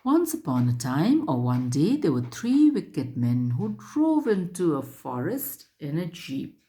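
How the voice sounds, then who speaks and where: Slow, lively-voiced woman teacher. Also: deep voice. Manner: slow, careful, instructive. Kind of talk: reading a story and explaining it to children.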